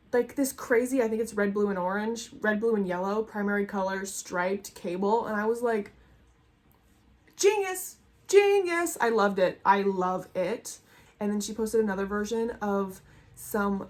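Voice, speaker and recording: A young woman chats at home in front of her closet, rambling and enthusiastic as she vlogs. Her voice sits at an ordinary middle pitch, and she talks loosely, with plenty of asides and trailing thoughts. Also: darkish tone. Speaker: knitting vlogger. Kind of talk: casual chat. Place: home room with colorful closet behind.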